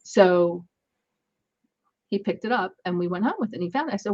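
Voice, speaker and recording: A woman spins parenting anecdotes in a relaxed interview. She jumps into the voices of the people in her stories. The sound is a bit dull and muffled. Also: mid-range voice, normal speed, long pauses. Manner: animated anecdotes, acts out dialogue. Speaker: guest, energy healer. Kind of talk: casual storytelling in an interview.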